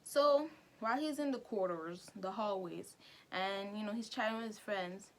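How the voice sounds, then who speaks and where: A woman vlogger retelling a story in casual chat while doing her makeup, talking in an animated, chatty way and acting out characters' lines. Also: medium pitch, normal speed, slight background noise. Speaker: vlogger recapping an anime.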